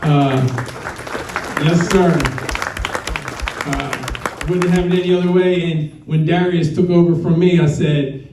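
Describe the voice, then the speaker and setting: Rambling coach giving an echoey speech. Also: male voice, a little high, steady tone, normal speed, mellow, some chatter behind, a little hiss or hum. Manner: rambling, self-deprecating, with many restarts. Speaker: hall of fame inductee, coach. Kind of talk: acceptance speech. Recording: roomy, distant, muffled.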